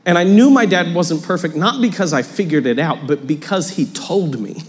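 A man's voice: on the high side, lively intonation, moderate pace. A young man preaching a sermon, telling a story with self-mocking humor. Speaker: pastor. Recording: hall reverb.

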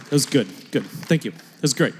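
A man in his thirties preaching a sermon as pastor, conversational and joking, dropping into quiet asides between louder points. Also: mid-range voice, lively intonation, moderate pace, slightly rough, some chatter behind. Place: church auditorium. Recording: long hall reverb.

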